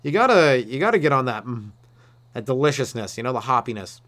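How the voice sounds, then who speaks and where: A man's voice: mid-range voice, very animated, a little fast, a bit bright. A young man doing a rambling, profane solo comedy rant, acting out silly voices. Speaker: stand-up comedian.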